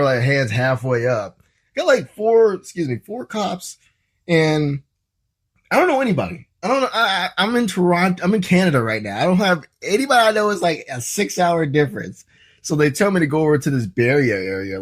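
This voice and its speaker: Animated male podcast guest. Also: medium pitch, brisk, husky. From Ohio, USA. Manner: animated, swears freely, acts out his own reactions. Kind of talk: casual storytelling.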